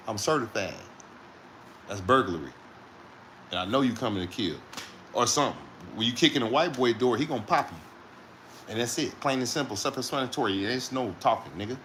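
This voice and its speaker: A man's voice: medium pitch, fairly bright tone, slight background noise. A man who drives trucks, telling a rambling story in casual talk, swearing often and laughing between lines.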